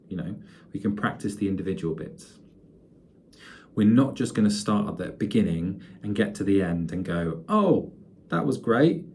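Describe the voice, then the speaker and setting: Man, low voice, music lecturer, conversational, fillers and restarts, faint background noise. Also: a little mellow. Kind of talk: lecture to students.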